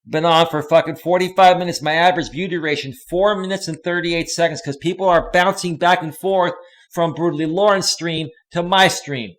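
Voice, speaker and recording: This male live-stream host has a slightly high, somewhat bright voice with fairly even intonation and a moderate pace. In his angry rant he swears constantly, speaking straight to chat viewers by name.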